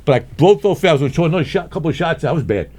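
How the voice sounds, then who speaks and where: A man's voice: fairly high pitch, fast. An older man, telling street stories as a guest in a casual chat, acting out the voices of the people in them. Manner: animated, acts out voices in his anecdotes, chuckles often. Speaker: guest storyteller. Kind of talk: casual storytelling.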